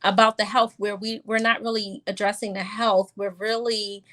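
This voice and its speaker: A middle-aged woman pediatrician speaks in an easy, conversational way on a podcast. Her voice sits at an ordinary middle pitch, and she often slips into quick quoted exchanges with her patients when telling a story. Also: little pitch movement, fairly bright tone. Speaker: pediatrician guest. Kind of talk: casual podcast interview.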